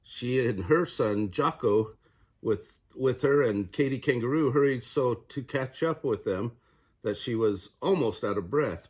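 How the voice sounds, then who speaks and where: Husky older man reading a story. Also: mid-range voice, measured pace. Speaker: grandfather reading aloud. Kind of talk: children's read-aloud narration.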